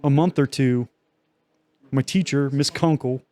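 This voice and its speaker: A man's voice: mid-range voice, measured pace, warm tone. A young man co-hosting a podcast, telling a long story in loose, profane casual chat with many fillers. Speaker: podcast co-host.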